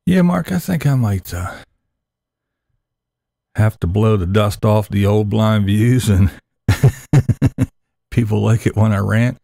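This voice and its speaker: A man's voice: on the low side, lively intonation, takes it slowly, creaky, pauses often, warm tone, no room sound, studio quality. A man hosting a laid-back, crude morning live stream chat, talking to viewers in the chat.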